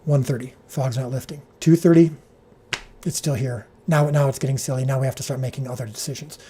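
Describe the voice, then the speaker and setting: A man who directs a show, telling an animated behind-the-scenes story on a livestream, full of restarts and fillers, his pitch leaping when he quotes people. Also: fairly quick, slightly rough. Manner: frequent restarts and filler words.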